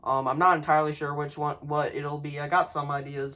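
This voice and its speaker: A man's voice: on the high side, flat delivery, brisk, pushed and bright. A young man casually narrating imagined animal fights, playful and prone to laughing at his own slips. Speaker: channel host. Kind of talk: casual narration of a book-based animal tournament.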